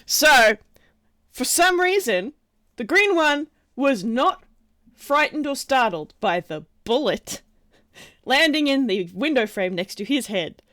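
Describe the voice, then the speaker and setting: A woman game master narrating a tabletop session at a slow, unhurried pace, stopping often for ums and little laughs. Her voice is high-ish, smooth and clear. It is heard close and dry. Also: animated, a bit bright, no echo. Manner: halting, full of fillers and laughs. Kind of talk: running a tabletop game over a call.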